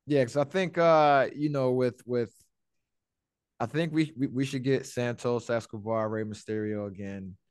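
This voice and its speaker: A man's voice: mid-range voice, a little slow, clear, resonant tone, no echo. Male podcast host, loose joking delivery with swearing, dry recording. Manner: profane, rambling, joking. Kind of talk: casual wrestling chat.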